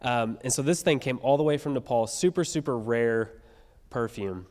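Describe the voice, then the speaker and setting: A man's voice: medium pitch, normal speed. Casual male pastor in a reverberant church. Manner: casual, animated storytelling. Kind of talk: storytelling sermon. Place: church sanctuary.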